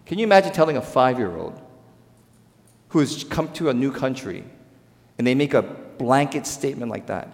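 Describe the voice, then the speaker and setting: A man who grew up in Korea preaches from the pulpit, his voice sitting in a middle pitch. He punches key words loudly, then drops to near-hushed endings. Long reverb from a big church sanctuary hangs behind every phrase. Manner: emphatic, swings between loud stresses and quiet drops; acts out quoted voices in dialogue. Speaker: pastor. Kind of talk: sermon.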